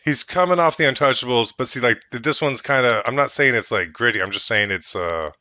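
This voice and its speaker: A man's voice: medium pitch, fairly quick, bright, forceful tone, no room sound. A man co-hosting a casual movie podcast, rambling and hedging with lots of filler words. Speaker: podcast co-host. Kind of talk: casual chat.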